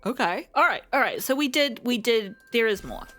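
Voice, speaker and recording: A woman's voice: fairly high pitch, animated, moderate pace, bright, forceful tone, faint music behind. A young woman hosting a let's play, chatting casually and reading the game's text aloud with frequent fillers. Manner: reads game text aloud between remarks, frequent fillers. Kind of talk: casual gameplay commentary.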